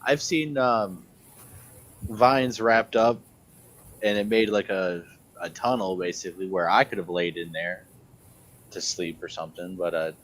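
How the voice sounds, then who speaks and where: A man co-hosting a live stream, relaxed and musing as he explains his ideas at length. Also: deep voice, unhurried, long pauses. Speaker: co-host of a live paranormal show. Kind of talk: casual live-stream chat.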